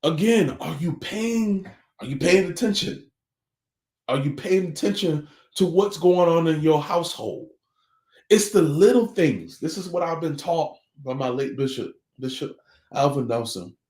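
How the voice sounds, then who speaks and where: A man with a noticeably high voice delivers a morning motivational talk on family life, speaking in an echoey room. He is earnest and preachy, pressing his listeners with one pointed question after another. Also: lively intonation, measured pace, darkish tone.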